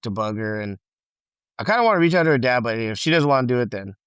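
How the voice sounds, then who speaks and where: A man hosting a podcast who interviews his guest in a casual way, swears freely and reacts quickly and excitedly to surprises. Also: mid-range voice, clean tone, dry recording, studio quality. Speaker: podcast host.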